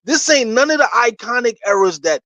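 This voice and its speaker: A middle-aged man with a New York accent boasts and trash-talks in a loose, casual way, laughing between his points. His voice sits high for a man, and the sound is close and dry, with no room echo. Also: animated, fairly quick, sharp tone, muffled recording. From New York City. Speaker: sports channel host. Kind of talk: casual fan commentary.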